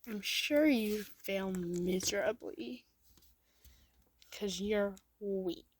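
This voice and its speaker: A woman's voice: mid-range voice, very slow, slight background noise. Woman doing a taunting schoolkid bully.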